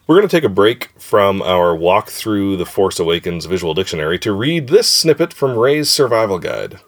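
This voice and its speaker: A man's voice: low voice, sing-song, moderate pace. A man hosting a podcast in casual chat, thinking aloud and hedging as he circles back on his ideas. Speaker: podcast host.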